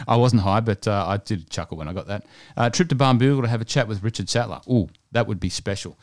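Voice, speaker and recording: A man's voice: lowish voice, brisk, no room sound, studio quality. A Scottish-born man hosting a solo podcast, chatting in a rambling, enthusiastic way with plenty of fillers. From Scotland. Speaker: podcast host. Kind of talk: casual solo podcast chat.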